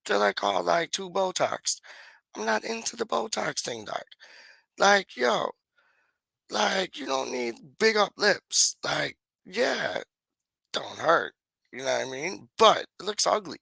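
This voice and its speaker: Young guy rambling, gravelly voice, bright edge, dry close sound, says dog a lot. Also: high voice, animated, takes it slowly, no room sound. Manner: slangy, rambling, repeats "dog" and "like". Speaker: YouTuber. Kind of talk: rambling casual monologue.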